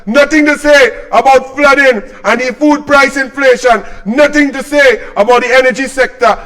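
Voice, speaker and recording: A man with a Trinidadian accent and a strikingly high voice rants about politics, heaping on scorn and sarcasm. He talks like a combative commentator speaking straight to his audience. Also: a bit bright. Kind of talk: political rant to camera.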